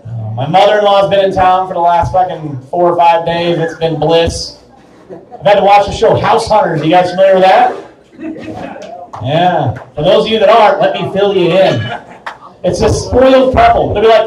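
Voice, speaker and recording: A man's voice: sits high, moderate pace, darkish tone. A young man doing a crude, self-mocking stand-up set in a small bar. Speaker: stand-up comedian. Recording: echoey bar from far off.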